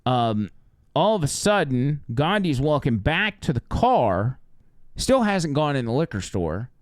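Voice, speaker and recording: Clear-voiced man telling a road story. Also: medium pitch, measured pace, no room sound, studio quality. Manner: animated, acts out the characters. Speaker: storyteller, rideshare driver. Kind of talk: casual storytelling on a podcast.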